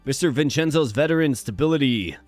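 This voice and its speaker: A man's voice: medium pitch, expressive, brisk, no echo, faint music behind. A man streaming a management game live, chatting playfully with his viewers as he plays. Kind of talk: casual live-stream commentary.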